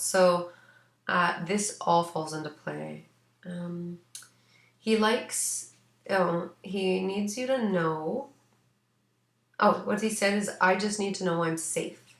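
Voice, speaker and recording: A woman with a fairly low voice talks through a pet reading in a loose, rambling way, stopping for ums and restarting her sentences. She sounds a little sneezy, and the recording carries the echo of a bare room at home. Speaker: animal psychic. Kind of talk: casual spoken pet reading. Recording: echoey room.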